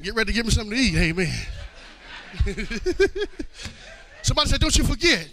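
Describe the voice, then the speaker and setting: A pastor in his forties preaching a shouted call-and-response sermon in a church, with a rhythmic cadence and an "uh" before each phrase. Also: sits high, big pitch swings, very fast, gravelly. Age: 40s. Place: church sanctuary.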